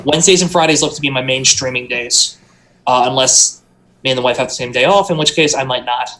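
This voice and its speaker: A man chats easily as a player on a live tabletop stream. His talk is loose and relaxed, with jokes dropped in as he goes. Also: mid-range voice, fairly quick. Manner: relaxed, joking, chatty. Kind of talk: casual chat on a live stream.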